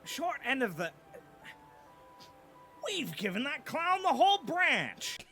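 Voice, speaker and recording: An actor voicing a chatty caterpillar shopkeeper with a transatlantic accent. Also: male voice, extremely high pitch, wildly swooping pitch, slow, pushed and bright, faint music behind, full character voice. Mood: wry.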